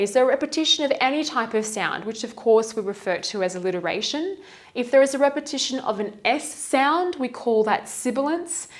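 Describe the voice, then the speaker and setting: A woman teaching English, explaining poetry analysis over slides in a clear, methodical way and posing questions to students. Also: a little high. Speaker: English tutor. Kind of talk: scripted lesson over slides.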